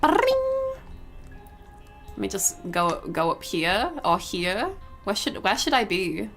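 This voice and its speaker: A woman's voice: mid-range voice, animated, a little slow, creaky, fairly bright tone. A young woman streaming live, chatting casually and rambling, with frequent giggles and casual swearing. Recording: faint game music behind.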